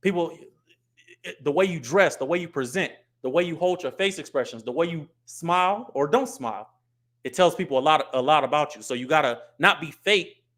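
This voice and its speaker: A man's voice: a little high, moderate pace. A middle-aged American man hosting his own show, talking casually to camera and acting out voices to make his points. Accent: US English. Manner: animated, acts out street and business voices. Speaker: host.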